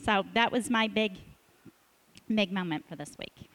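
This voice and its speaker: Earnest mid-pitched woman sharing. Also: measured pace, very noisy. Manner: earnest, encouraging, speeds up when emphatic. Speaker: cheer coach sharing at a church group. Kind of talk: casual testimony sharing.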